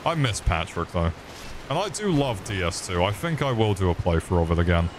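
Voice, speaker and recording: A man's voice: sits low, brisk, background noise. Sweary British man streaming a game. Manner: sweary, excitable, chats with viewers. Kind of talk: live gameplay commentary.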